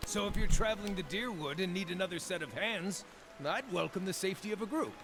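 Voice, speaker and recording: A man's voice: sits high, fast. An actor playing a small, eccentric male Orlan druid in a game, speaking with jovial, relishing good cheer about odd things. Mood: friendly. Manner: jovial, relishing, playfully macabre. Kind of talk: game character dialogue. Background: game music.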